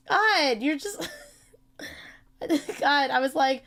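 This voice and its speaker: A woman streaming live in casual chat, excitable and laughing often, with bursts of mock-outraged swearing. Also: high-pitched, extremely slow. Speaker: streamer hosting a chat with creators.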